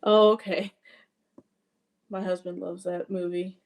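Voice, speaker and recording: Speaking fairly low, unhurried, and a little mellow with a flat delivery, this woman from Wyoming, USA, hosts a cross-stitch livestream. She chats loosely and replies to viewer comments in a combined Wyoming and Southern Louisiana accent.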